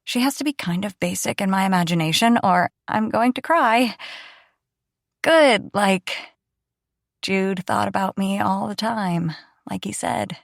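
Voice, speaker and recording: A woman's voice: medium pitch, a little slow, vocal fry, no room sound, clean studio sound. A young adult woman narrating a first-person audiobook in a chatty, self-deprecating way.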